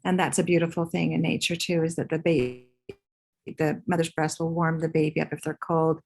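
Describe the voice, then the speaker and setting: Woman with a lower voice, calm explainer on a video call. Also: brisk, vocal fry. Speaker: birth professional panelist.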